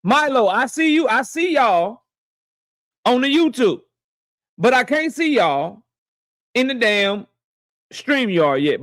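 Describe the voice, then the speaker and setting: A man hosting a boxing live stream from his office, talking loose and profane and shouting out viewers by name. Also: high-pitched, no echo, studio quality. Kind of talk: casual live-stream chat. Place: home office.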